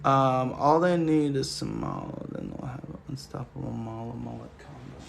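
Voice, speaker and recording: Gravelly laid-back man chatting on a livestream. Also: mid-range voice, sing-song, normal speed, background noise. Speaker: livestream host. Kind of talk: casual livestream chat reading comments.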